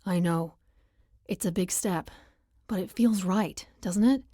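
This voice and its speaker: A woman voicing a smooth, coaxing ex-boyfriend. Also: on the low side, slow, dark tone, dry recording, studio quality. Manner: coaxing, self-justifying. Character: smooth-talking young man, cheating ex-boyfriend.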